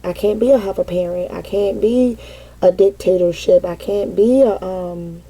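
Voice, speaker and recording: A middle-aged mother telling a candid, casual personal story, animated and peppered with cursing. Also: medium pitch, normal speed, low-quality recording. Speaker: mother sharing parenting experience.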